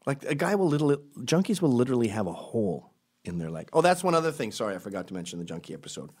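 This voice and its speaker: A man's voice: medium pitch, very animated, racing, a little mellow. A man rambling through a crude, digressive comic monologue, often breaking off to correct himself. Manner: crude, digressive, self-interrupting.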